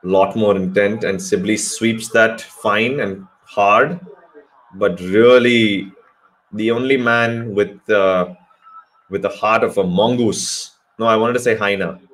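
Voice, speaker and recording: A man's voice: on the low side, steady tone, slow pace, fairly bright tone. A man giving a live cricket commentary hangout, rambling with joking asides and correcting himself mid-sentence.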